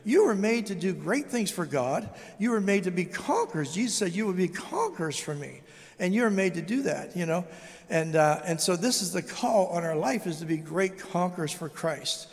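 A man's voice: high voice, lively intonation, moderate pace, creaky. A middle-aged man preaching a sermon in a church, emphatic and repeating key phrases for effect. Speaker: guest preacher. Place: large church sanctuary. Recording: long hall reverb.

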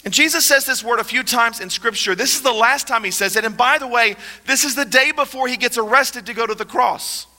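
A man preaches to his congregation, high-voiced and very bright, joking and getting everyone to answer him. His words ring out in a large church hall with a long echo. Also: brisk, few pauses. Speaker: pastor. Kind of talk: sermon. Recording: reverberant hall.

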